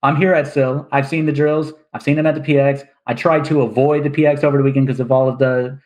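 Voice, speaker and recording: A man's voice: medium pitch, little pitch movement, fast talker, a little mellow, a little hiss or hum, poor audio. A young man chatting casually on a podcast, blunt and joking. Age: young adult. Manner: blunt, joking, swears freely. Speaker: podcast guest. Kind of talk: casual chat.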